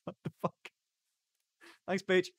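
A man's voice: slow, fairly bright tone, dry recording, clean studio sound. A young man chatting casually on a live stream, rambling and stopping and starting as he reacts to chat. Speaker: livestreamer.

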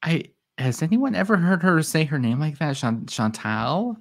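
A man's voice: on the high side, expressive, brisk. Sarcastic man reacting on a livestream. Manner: sarcastic, exasperated asides. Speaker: reaction streamer.

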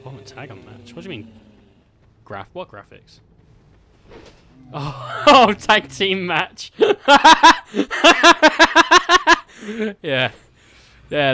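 Bright, giggly man telling a story. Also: on the high side, dry recording. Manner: swearing, laughing, acting out silly voices. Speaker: gaming streamer. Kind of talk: rambling comic storytelling while gaming.

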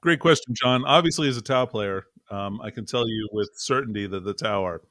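A man's voice: on the low side, brisk, a bit bright, dry recording. Sarcastic guy co-hosting a gaming podcast, casual, dry close recording. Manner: sarcastic, wry. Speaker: podcast co-host. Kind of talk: casual chat.

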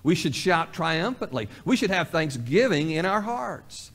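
Man preaching, fairly high voice, lively rising and falling delivery, folksy repetition. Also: unhurried. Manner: folksy, repeats key phrases for emphasis; acts out both sides of imagined dialogues. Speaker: pastor. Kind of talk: sermon. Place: church sanctuary.

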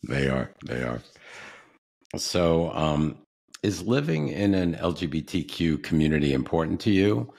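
Brooklyn guy hosting a podcast, super low gravelly voice, kinda husky, chatty. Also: very animated, a little slow, darkish tone. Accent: Brooklyn New York. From Brooklyn, New York. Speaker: podcast host. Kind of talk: casual interview chat.

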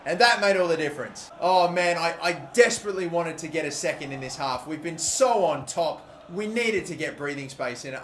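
An Australian man commentating his own football video game career, calm musing that bursts into loud shouting at big moments. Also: fairly high pitch. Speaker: gaming YouTuber. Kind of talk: excited gameplay commentary. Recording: echoey room with faint noise.

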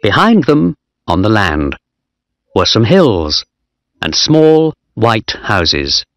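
A man narrating a storybook in a slow, clear reading voice. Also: lowish voice, big pitch swings, a bit bright, no echo.

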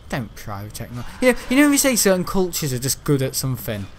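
A man's voice: medium pitch, wildly swooping pitch, fast talker, a little hiss or hum. A young man rambling casually while playing a game, swearing mildly and restarting his sentences often. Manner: meandering, chatty, swears casually, frequent restarts. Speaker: gaming YouTuber. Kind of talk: rambling let's-play commentary.

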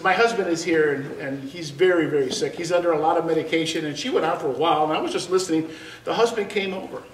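A man's voice: a little high, a little hiss or hum. An older man teaching a church Bible class, telling personal stories with repeated words and laughter. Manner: animated storyteller who repeats words and laughs. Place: large church room. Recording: roomy sound from far off.

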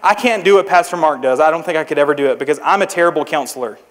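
A young traveling preacher talks very fast in a voice on the high side, giving a youth sermon at a church service with people listening. His stories are conversational, joking, and self-deprecating, and the recording carries long hall reverb.

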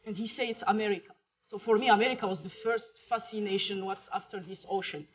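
A woman's voice: mid-range voice, fairly even intonation. A woman from Morocco with a French-tinged accent, giving a chatty, joking keynote talk over slides, with some fillers. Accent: Moroccan French-accented English. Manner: chatty, jokey, pauses with fillers. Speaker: keynote speaker. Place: lecture hall. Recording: muffled lo-fi talk recording.

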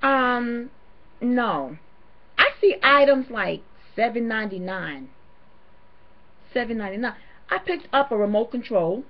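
Woman vlogger, slightly high voice, ranting with indignant emphasis. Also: lively intonation, unhurried, pauses often. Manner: indignant, emphatic, repeats her points. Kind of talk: ranting to camera. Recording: dull lo-fi home video audio.

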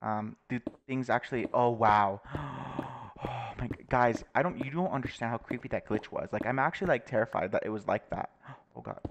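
A man's voice: medium pitch, animated, moderate pace, gravelly, few pauses. Young male gamer, anxious play-by-play, muffled lo-fi mic. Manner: jittery, exclaims and laughs nervously. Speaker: gaming YouTuber. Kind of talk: Let's Play commentary.

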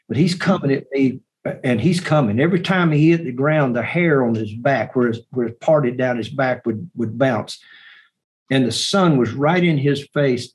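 Man, podcast guest, hunting story, animated, repeats words, middle pitch. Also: poor audio. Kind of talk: hunting story told in an interview.

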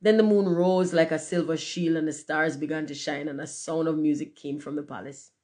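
A woman narrating a storybook in an unhurried, plain reading voice. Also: sits low, fairly even intonation, a little mellow. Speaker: reader.

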